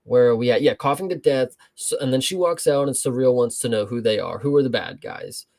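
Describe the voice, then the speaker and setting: A man's voice: medium pitch, fairly quick, a little mellow. A man co-hosting a casual film review, talking in a loose, rambling way with frequent swearing and filler words.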